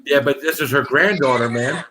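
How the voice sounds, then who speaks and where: A man's voice: mid-range voice, normal speed, a crowd in the background. Effusive male live-stream show host. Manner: effusive, rambling, swears casually. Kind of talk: casual live-stream interview chat.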